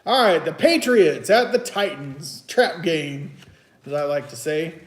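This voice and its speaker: A man's voice: fairly high pitch, animated, measured pace. A man hosting a casual, teasing sports picks chat at home. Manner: chatty, teasing, loose and rambling. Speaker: host. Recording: echoey room.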